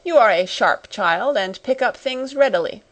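A woman's voice: a little high, expressive, moderate pace, fairly bright tone. A woman reading the part of a stern, domineering schoolmistress in a storybook, with a cold, commanding, scolding manner.

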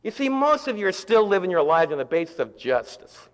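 Impassioned preacher with a high voice. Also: male voice, big pitch swings, a little fast. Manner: impassioned, shifts from loud exclamations to hushed tones. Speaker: pastor. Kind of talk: sermon. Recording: long hall reverb.

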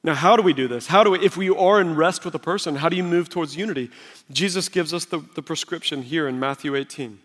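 A man's voice: on the high side, fast talker, a bit bright. A man preaching a sermon as pastor, emphatic and conversational. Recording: long reverb of a large hall.

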